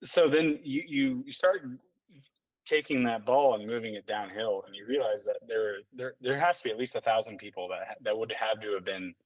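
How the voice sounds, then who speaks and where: In a casual podcast conversation, a guest with a fairly low voice speaks at a normal pace, rambling along with many "like"s, fillers and restarts. There's no echo, and the dry recording sounds like the mic is a bit distant.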